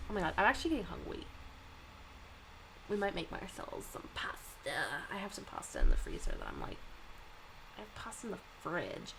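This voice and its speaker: A young woman streams herself reading manga and reacting, chatting casually in an animated way packed with likes, ums and other fillers. Her medium-pitched voice runs a little fast, with vocal fry and long pauses, over a noisy background.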